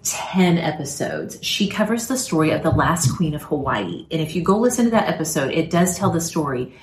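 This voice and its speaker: A woman co-hosting a podcast, talking in a chatty, quick way and giggling often. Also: deep voice, lively intonation, slight background noise. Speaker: podcast co-host. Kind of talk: casual chat. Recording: roomy echo.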